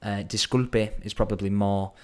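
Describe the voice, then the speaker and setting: A man with a somewhat low voice talks through a Spanish lesson. He explains patiently, thinks aloud and slows down to sound out each phrase. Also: fairly even intonation, a little mellow, smooth. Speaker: Spanish tutor.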